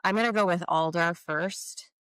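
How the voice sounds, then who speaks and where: A woman's voice: on the low side, moderate pace, a bit bright, clean tone, dry recording. A woman in her forties chatting candidly through a get-ready-with-me beauty vlog, full of frank asides. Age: 40s. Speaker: beauty vlogger. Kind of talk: casual get-ready-with-me chat.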